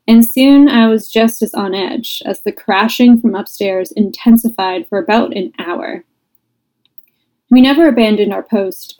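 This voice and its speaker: A woman's voice: a little high, dark tone, rough recording. A woman podcast host reading listener ghost stories aloud, breaking off for laughing asides.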